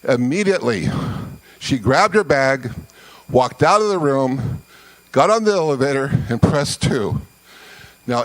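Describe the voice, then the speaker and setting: A man's voice: mid-range voice, rough recording. Folksy male joke teller from Scotland. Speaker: comedian. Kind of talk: storytelling joke.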